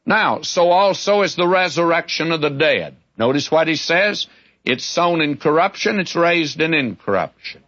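A man teaching through a Bible passage in sermon style, folksy and emphatic, with lively storytelling asides. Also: on the high side, moderate pace, dull audio.

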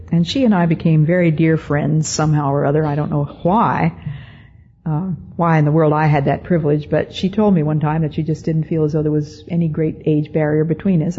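Low, husky older woman telling a story. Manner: measured, deliberate, with frequent pauses. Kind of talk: storytelling talk to an audience. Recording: dull lo-fi recording.

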